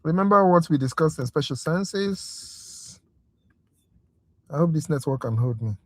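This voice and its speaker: Here's a livestream tutor in a casual review class, chatty and exasperated, ranting straight at viewers and calling them "guys." The mid-range voice has lively intonation and an unhurried pace, with no room sound and a close, dry quality.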